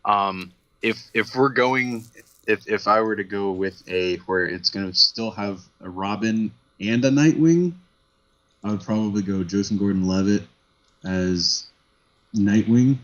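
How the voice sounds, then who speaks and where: A man's voice: fairly low pitch, unhurried, no echo, muffled recording. A man co-hosting a podcast, chatting casually and hesitantly, often restarting his sentences. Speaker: podcast co-host. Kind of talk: casual chat.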